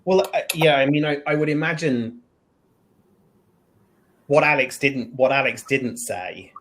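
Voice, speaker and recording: A man speaking as a guest on a discussion panel, animated, switching into higher voices to act out lines. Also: a little slow, low-quality recording. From United Kingdom.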